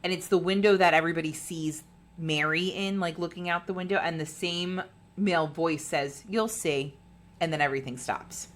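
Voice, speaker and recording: A woman's voice: on the low side, fairly even intonation, a little fast, slight background noise. A woman co-hosting a podcast, casually retelling a ghost-hunting show, swearing freely and acting out what people said. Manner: chatty, swearing, acting out quotes. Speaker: podcast co-host.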